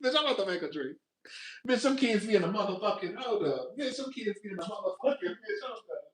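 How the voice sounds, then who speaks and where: A man's voice: high-pitched, quick pace, slight background noise. A man talking to his viewers in a casual gossip vlog from his apartment, laughing often and swearing, repeating lines as he tells a story. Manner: laughing, animated, profane, repeats himself. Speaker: commentary vlogger.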